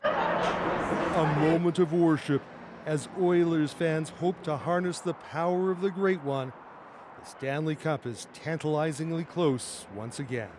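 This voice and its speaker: A man narrating a news report in a steady, scripted voice-over. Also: fairly high pitch, unhurried, a little hiss or hum.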